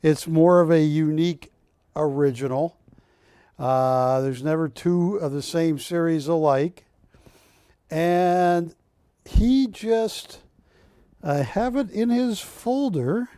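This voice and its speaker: Male shopping-channel host, unhurried and chatty, dark dry sound. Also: on the high side, clean tone, no echo. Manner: rambling, jokey, self-correcting. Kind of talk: live sales pitch. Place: TV shopping studio.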